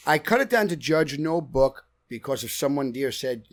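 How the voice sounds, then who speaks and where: An energetic man from Brooklyn, a podcast guest telling stories in casual chat. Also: medium pitch, moderate pace. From Brooklyn, New York. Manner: energetic, animated storytelling. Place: podcast studio.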